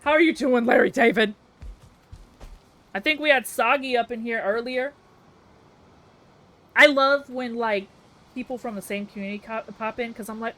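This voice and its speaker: A woman's voice: on the high side, normal speed, pauses often, fairly bright tone. A young Southern woman live-streaming a building game, chatting with viewers and muttering her thoughts aloud, sleepy and giggly. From American South. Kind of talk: casual live-stream chat while building.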